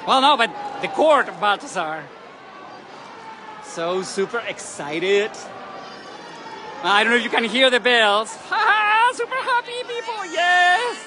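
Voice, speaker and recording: Guy vlogging off a balcony, gushing and chatty, high voice, loud crowd all around. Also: sing-song, unhurried, pauses often. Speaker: travel vlogger. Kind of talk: live excited vlog commentary. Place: city balcony outdoors over a parade street. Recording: loud crowd and street noise outdoors. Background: crowd cheering, church bells.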